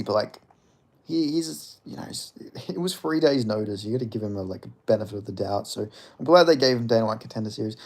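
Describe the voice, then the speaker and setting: A man hosting a casual livestream, rambling about fights, reading chat aloud and jokingly apologizing. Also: mid-range voice. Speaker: livestream host.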